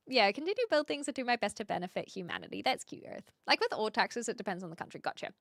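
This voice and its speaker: A woman's voice: mid-range voice, sing-song, quick pace, few pauses, no room sound, clean studio sound. A woman from New Zealand with a British accent and a slight Australian twang, chatting casually as a streamer, reading viewer messages aloud and laughing often.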